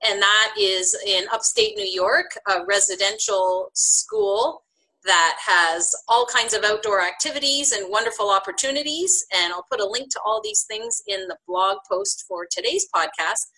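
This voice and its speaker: A woman hosting a podcast interview, upbeat and quick to laugh, introducing her guest and reading out material. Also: medium pitch, lively intonation, sharp tone, slightly rough, rough recording. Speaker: podcast host.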